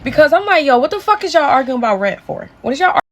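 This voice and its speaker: A young woman vlogger telling a story in casual, animated style, swearing freely and acting out what others said. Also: high-pitched, fast talker, rough recording. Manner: animated, profane, acts out quotes.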